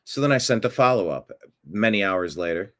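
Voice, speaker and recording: A man hosting a profane political rant, swinging from low mutters to loud outbursts. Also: animated, brisk. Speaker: political commentary host.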